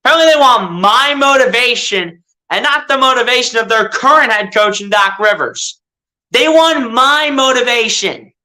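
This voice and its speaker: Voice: medium pitch, moderate pace, few pauses, bright, forceful tone, rough recording. A fan doing live play-by-play of a basketball game, exasperated, firing rhetorical questions at the team and often correcting or repeating themselves. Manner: chatty, self-correcting, repeats itself.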